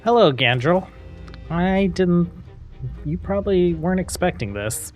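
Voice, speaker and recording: A man hosting a casual let's-play, musing aloud as he plays, with a relaxed tone. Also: high voice, measured pace, soft background music. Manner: relaxed, musing, with many fillers. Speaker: gameplay host.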